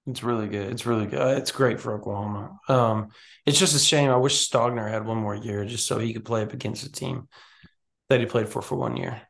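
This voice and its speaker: A man's voice: lowish voice, steady tone, brisk, creaky, fairly bright tone. A man co-hosting a recruiting podcast, chatting casually and animatedly, often restarting his sentences. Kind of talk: casual sports chat.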